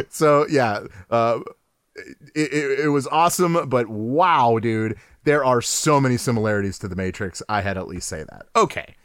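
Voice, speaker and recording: A man co-hosting a casual podcast chat. He gets excited, laughs often, and restarts his sentences a lot. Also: mid-range voice, normal speed, smooth, no room sound, studio quality. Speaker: podcast co-host.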